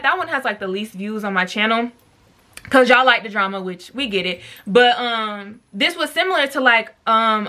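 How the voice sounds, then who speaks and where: A woman's voice: a little high, sharp tone. A young woman telling a storytime vlog in a chatty, slangy way, full of fillers and talking straight to her viewers. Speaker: storytime vlogger.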